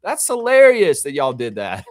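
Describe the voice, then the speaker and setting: A man hosting a live fan reaction stream in a loose, chatty way, his pitch swinging up and down as he acts out what people said. He swears now and then. His voice sits close to the mic with a dry, dead sound. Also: moderate pace, no room sound. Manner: animated, chatty, acts out quotes; casual, swears freely. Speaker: fan channel host.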